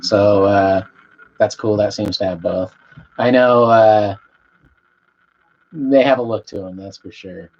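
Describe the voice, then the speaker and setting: A man chatting casually with his viewers on a live stream from home. He speaks laid-back, swears here and there, and coughs between sentences. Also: on the low side. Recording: dull lo-fi stream audio, faint room hiss.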